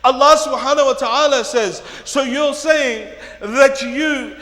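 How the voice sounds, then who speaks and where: High-voiced man preaching in an echoey hall. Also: measured pace. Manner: dramatic storytelling with rising shouted peaks. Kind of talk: sermon. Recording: echoey hall, long reverb.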